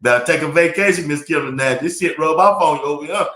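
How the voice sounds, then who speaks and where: Man, live sports talk host, laughs a lot, loose slangy chat, forceful bright tone. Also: a little high, fast talker. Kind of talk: casual live-stream chat reading comments. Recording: echoey room.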